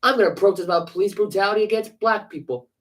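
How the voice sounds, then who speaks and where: A man's voice: high-pitched, quick pace, fairly bright tone, rough recording. A man co-hosting a sports podcast, ranting heatedly with profanity and sarcastic rhetorical questions. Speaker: podcast co-host. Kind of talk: casual sports podcast rant.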